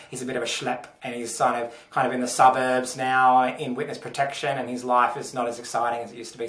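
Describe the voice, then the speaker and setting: An Australian actor appears as a guest on a podcast, talking earnestly and thoughtfully in casual interview chat, using lots of fillers. His voice is medium-pitched with a fairly bright tone. The recording sounds echoey and distant from the mic.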